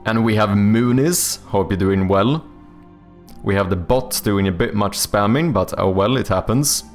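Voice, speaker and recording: A man's voice: lowish voice, unhurried, soft background music. A Swedish man whose English leans toward a British accent, chatting casually on a livestream with lots of fillers and restarts. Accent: Swedish speaker leaning toward a British accent. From Sweden. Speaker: streamer. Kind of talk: casual livestream chat, reading and answering chat.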